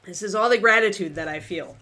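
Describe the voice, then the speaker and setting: A woman's voice: medium pitch, fast, pushed and bright. A woman hosting a live-streamed miniature painting lesson, chatting informally and thinking aloud as she paints.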